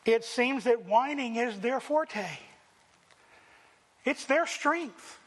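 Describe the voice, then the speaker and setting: A man preaching a sermon, lively, acting out the quoted complaints in voices. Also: very high voice, slow pace, breathy edge, big-room sound. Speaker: pastor.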